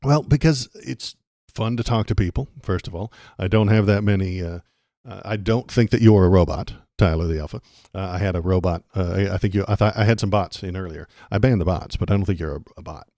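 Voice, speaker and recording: A man's voice: low-pitched, fairly quick, warm tone, dry recording, clean studio sound. A man from Texas hosting a casual political livestream, rambling and sarcastic, restarting his sentences often.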